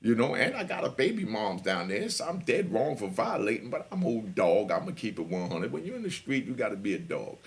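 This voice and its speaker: Gravelly New man telling street stories. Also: fairly low pitch, sing-song, fairly quick, few pauses. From New York. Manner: laid-back, full of "you know", chuckles. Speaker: podcast host. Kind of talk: street storytelling monologue.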